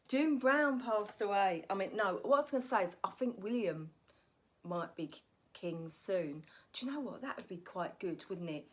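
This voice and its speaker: A woman's voice: medium pitch, lively intonation, normal speed. Cheeky woman in her forties. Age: 40s. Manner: rambling, cheeky, self-correcting. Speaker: comedian. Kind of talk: comic monologue.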